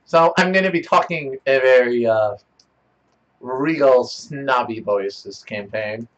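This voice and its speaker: A man's voice: medium pitch, a little slow, lo-fi sound. A man chatting casually as a player in a tabletop game, playful and laughing often.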